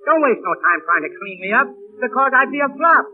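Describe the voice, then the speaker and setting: A cocky young stage comic, all quick slang and wisecracks. His voice sits high and bright. It comes through a thin, tinny old radio broadcast. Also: sing-song, slight background noise. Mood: defensive. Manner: fast slangy wisecracking patter. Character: brash young male burlesque comic, cocky. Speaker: actor in old radio play. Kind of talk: 1930s radio acting.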